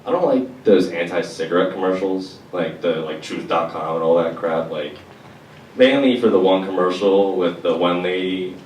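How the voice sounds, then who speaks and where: Young male stand-up, low-voiced, deadpan and slangy, picked up from afar with room echo. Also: moderate pace, slight background noise. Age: young adult. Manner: deadpan, slangy and profane, mocks others in put-on voices. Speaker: stand-up comedian. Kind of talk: stand-up comedy set. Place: college venue with audience laughter. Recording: echoey room, distant mic, loud ambience.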